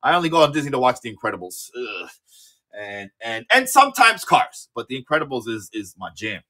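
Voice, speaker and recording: A man in his thirties hosting a live-auction stream in casual chat, excitable, swearing freely and often repeating his words. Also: mid-range voice, fairly quick. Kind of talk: casual livestream sales chat.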